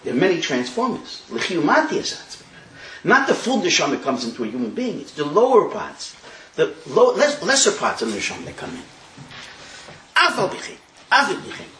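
A man teaching a Talmud class, telling the story in an animated way and mixing in Hebrew terms. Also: high voice, a little fast, slight background noise. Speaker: Torah teacher. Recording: echoey room.

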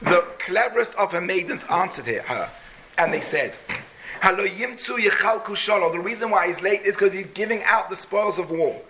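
Bright, high-pitched man telling a Torah story. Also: lively intonation, a little hiss or hum. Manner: dramatic, slows down for emphasis. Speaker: Torah teacher.

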